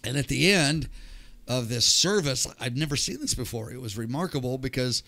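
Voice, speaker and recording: A man's voice: mid-range voice, animated, moderate pace, gravelly, sharp tone. An older man, a podcast guest, telling his personal testimony with animation and acting out the voices of people in the story.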